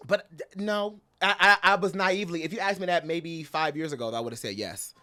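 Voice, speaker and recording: A man hosting a casual chat, animated and playful, laughing often and swearing freely. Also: on the high side, fairly quick. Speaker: host.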